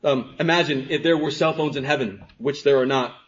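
Man preaching with hushed-to-emphatic swings. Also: medium pitch, brisk. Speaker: pastor. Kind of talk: sermon. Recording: dull lo-fi sermon recording.

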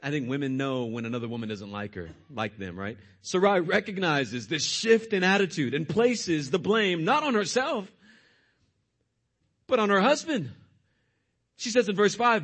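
A man's voice: a little high, lively intonation, normal speed, a bit bright. A male pastor preaching a sermon, retelling scripture expressively.

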